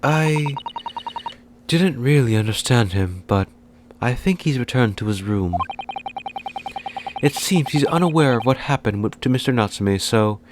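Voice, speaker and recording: A man's voice: medium pitch, animated, measured pace, noisy background, pitched above the performer's own voice, close to an everyday voice. A man voicing a polite, earnest young female assistant with formal, courteous speech. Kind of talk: fan voicing a game.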